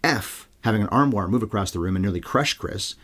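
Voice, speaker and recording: A man's voice: lowish voice, expressive, fairly quick, a bit bright. A man hosting a solo film review podcast, talking in a casual, irreverent way with wry, sarcastic asides. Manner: profane, irreverent. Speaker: podcast host.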